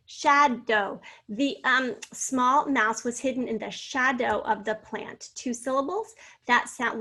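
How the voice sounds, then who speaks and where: A woman with a slightly high voice teaches a spelling lesson. She sounds out each word slowly and clearly, syllable by syllable, and then reads an example sentence. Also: fairly bright tone. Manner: slow, clearly enunciated, sounding out words.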